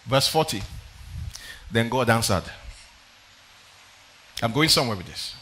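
Male pastor, sermon, lively rising-and-falling delivery, bright forceful tone, dramatic scripture reading. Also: mid-range voice, normal speed, pauses often. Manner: preaching with dramatic scripture readings, calling for next verses.

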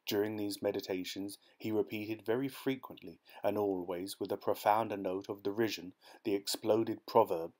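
A man narrating a classic short story as an audiobook, reading in a steady, measured way. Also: on the low side. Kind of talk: scripted narration.

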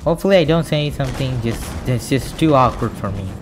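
A young man commenting on his own gameplay, excitable and trash-talking, who repeats words in chants. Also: mid-range voice, brisk, music in the background, rough recording. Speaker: gaming channel host. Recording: gunfire and game noise behind.

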